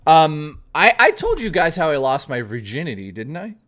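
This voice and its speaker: A man streaming, telling a personal story in a casual, animated and profane way, often swearing that it is true. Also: on the high side, moderate pace.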